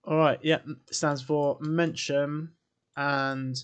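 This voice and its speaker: An Englishman teaches an English writing lesson to camera in an informal, chatty way, quizzing the viewer and tossing in asides. His voice is a little high with little pitch movement, slow, and clean in tone, though the sound is lo-fi.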